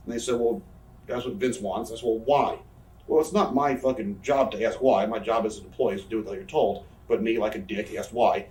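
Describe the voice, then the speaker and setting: This professional wrestler in his thirties has a lowish, darkish voice with fairly even intonation and a fairly quick delivery. He rambles and curses freely while telling stories in a candid shoot interview, recorded in a roomy space away from the microphone.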